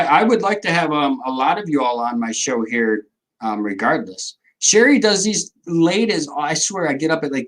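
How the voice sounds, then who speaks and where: A man's voice: on the high side, fairly bright tone, rough recording. A middle-aged man, hosting a casual livestream, rambling and joking as he answers viewers' comments. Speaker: livestream host.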